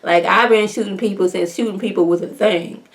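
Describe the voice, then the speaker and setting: A woman's voice: medium pitch, steady tone, brisk, close to an everyday voice. A woman voicing a fearless, boastful tough woman who makes blunt, swaggering threats. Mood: defiant.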